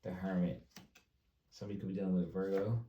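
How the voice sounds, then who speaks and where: A man's voice: low-pitched, steady tone, brisk, dull audio. A man giving a casual tarot reading, speaking loosely and straight to his viewers, often repeating himself. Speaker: tarot reader. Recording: roomy, distant mic with faint noise.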